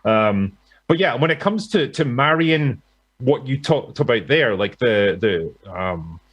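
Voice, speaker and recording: A man's voice: medium pitch, lively intonation, breathy edge, dull audio. A British man talking about films in a podcast chat, with many fillers and restarts. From Britain. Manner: halting, filler-heavy. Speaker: film commentator guest. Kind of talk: podcast conversation.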